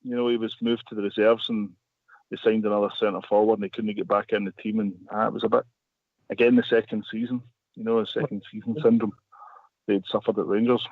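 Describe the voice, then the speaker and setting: A man's voice: fairly low pitch, flat delivery, fast talker, dry recording. A man telling a long story as a radio guest, rambling with many restarts. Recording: phone line.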